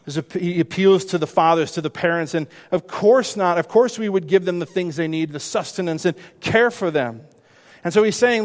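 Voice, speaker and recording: A man's voice: high voice, moderate pace, in a large hall. A middle-aged male pastor preaching a sermon, emphatic and full of rhetorical questions and repeated phrases.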